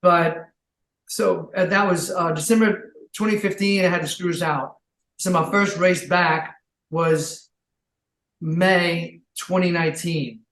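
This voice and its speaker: A man telling his comeback story as a podcast guest, earnest and full of faith, with bursts of excitement. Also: high voice, slow. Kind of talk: casual interview chat. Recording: roomy echo.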